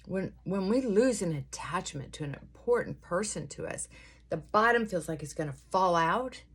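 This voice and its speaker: A woman's voice: lowish voice, husky. A middle-aged woman chatting earnestly and giving advice while doing her makeup.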